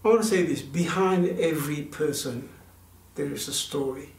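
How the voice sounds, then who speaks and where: A man's voice: a little high, moderate pace, darkish tone. A male minister giving an earnest, conversational sermon and telling a personal story, with many restarts. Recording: roomy, voice distant from mic.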